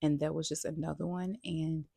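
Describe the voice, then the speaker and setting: A woman's voice: deep voice, little pitch movement, normal speed, vocal fry, mellow, slightly rough, no echo, studio quality. A woman vlogger casually retelling a personal story, quoting herself and others as she goes and often restarting her sentences mid-thought. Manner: retells events with many "I'm like" quotes.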